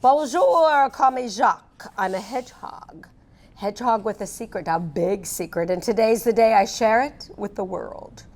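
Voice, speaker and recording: A woman's voice: a little high, normal speed, a little mellow, close to an everyday voice. Woman reading as a cheeky French hedgehog. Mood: playful. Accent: put-on French. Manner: playful, theatrical read-aloud voice. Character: cheeky French male hedgehog proud of his underwear.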